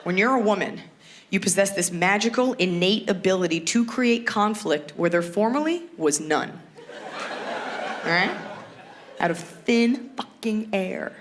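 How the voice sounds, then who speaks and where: A woman in her thirties doing a brash, profane stand-up comedy routine on stage, dropping into shrill acted voices. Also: animated, normal speed, a faint crowd, slight background noise.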